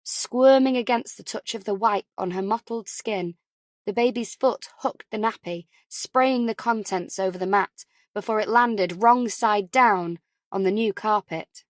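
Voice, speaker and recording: A woman whispering a crime novel in a steady, measured way. Her voice sits at a middle pitch and sounds dry and close, with no room echo. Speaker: audiobook narrator. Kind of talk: whispered narration.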